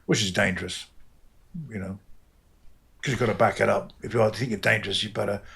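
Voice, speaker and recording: A man's voice: lowish voice, fairly even intonation, brisk, creaky, fairly bright tone, husky. A middle-aged man with an English accent, a comic book artist talking loosely and animatedly in an interview, swearing freely and sometimes mimicking voices. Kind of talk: casual interview chat.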